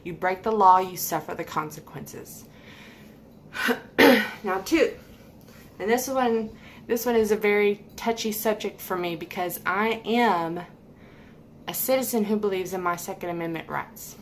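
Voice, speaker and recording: An American woman vlogger rants to camera with a heated, emphatic opinion, repeating points for emphasis. Her mid-range voice moves a little slowly with long pauses, and there's slight background noise.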